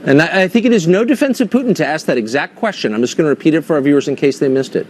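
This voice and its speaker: A man's voice: a little high, animated, very fast, a little mellow, slight background noise. A man hosting a cable news interview segment, asking pointed, skeptical questions. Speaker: host.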